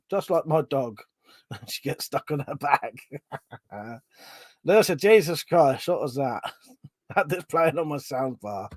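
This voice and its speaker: Male streamer, casual and sweary, frequent laughter, slightly high pitch, close dry sound. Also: no room sound. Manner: laughs often, swears freely, chatty. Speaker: livestream host. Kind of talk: casual chat, reading viewer comments aloud.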